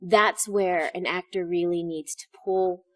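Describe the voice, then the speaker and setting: Animated woman telling stage stories. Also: lowish voice, measured pace, no room sound. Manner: animated storytelling, acts out quotes. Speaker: stage actress, guest. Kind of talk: interview conversation.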